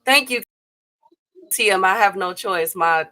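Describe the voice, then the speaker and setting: A woman co-hosting a casual boxing talk stream, musing slowly with frequent pauses and fillers. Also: medium pitch, sharp tone. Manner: slow and musing, many hesitations. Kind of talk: casual live stream banter.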